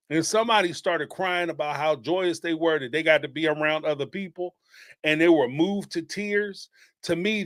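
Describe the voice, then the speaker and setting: Laughing and swearing without restraint, a man runs a casual monologue on his reality TV commentary show, bluntly making fun of things people said. His voice sits high with a fairly bright tone, captured in a dry, clean studio recording.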